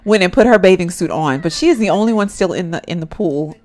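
A young woman talks her way through a life-simulation game, chatty and easygoing. Her pitch swings widely, rising high when she laughs. She calls out to her viewers as y'all throughout. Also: lively intonation, fast, darkish tone. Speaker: gameplay commentator. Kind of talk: casual let's-play commentary.

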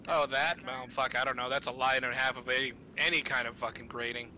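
A man's voice: mid-range voice, little pitch movement, fast talker, pushed and bright, slight background noise. A young man gaming with friends, grumbling sarcastically and swearing often. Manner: grumpy, sarcastic, swears a lot. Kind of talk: casual gaming chat.

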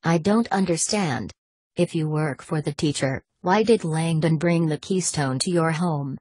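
A devout male monk, wounded and bewildered, speaking with earnest pleading, as a woman reads him aloud. The voice is low and husky, recorded dry and close. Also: a little slow, darkish tone, no echo.

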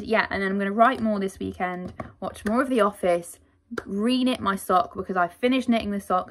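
A woman rambles through a casual diary vlog, chatty and self-deprecating as she catches viewers up. Her voice sits at a middle pitch with a noticeable gravelly fry. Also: fairly bright tone. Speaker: vlogger.

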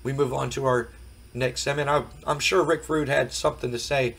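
A hoarse man casually commenting on a wrestling management game, rambling with many fillers. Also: medium pitch, steady tone, normal speed, fairly bright tone, poor audio. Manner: rambling, frequent fillers, recapping results. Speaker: game streamer. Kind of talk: casual let's play commentary.

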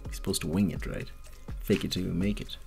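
The South African hip hop artist, working independently, rambles in an honest, self-mocking home vlog filmed on a cell phone. His voice is low-pitched and gravelly and moves a little fast, over background music.

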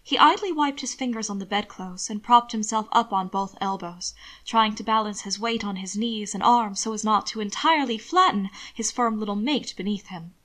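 A woman narrating fan fiction aloud in a soft, steady storytelling manner. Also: medium pitch, normal speed.

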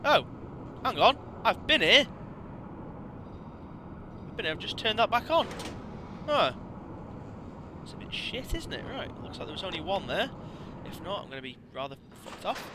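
A man giving excitable gameplay commentary as a let's play host, yelping and swearing at the game. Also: sits high, normal speed, long pauses, noisy background.

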